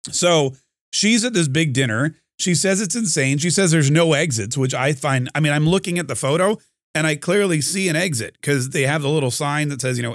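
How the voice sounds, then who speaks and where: A man's voice: a little high, brisk, no echo, studio quality. A man hosting a commentary podcast, talking in a rambling, sarcastic way with many fillers and restarts. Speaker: podcast host. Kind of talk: casual commentary monologue.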